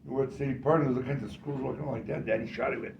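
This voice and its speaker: A man telling family stories in an animated way, laughing and acting out what others said. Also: medium pitch, very fast, gravelly. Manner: animated, laughing, acts out quotes. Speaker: storyteller. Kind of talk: family storytelling. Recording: far, echoey, muffled and noisy.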